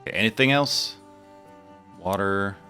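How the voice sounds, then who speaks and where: A man's voice: fairly low pitch, a little slow, bright, forceful tone, faint music behind. A man giving casual, wry commentary while playing a game, chatting to himself. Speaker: gameplay streamer.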